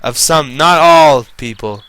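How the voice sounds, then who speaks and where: Male gamer, bitter rambling storyteller, bright edge, dry recording. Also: a little high, slow pace, clean tone, no room sound. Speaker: gamer telling stories. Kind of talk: casual commentary over gameplay.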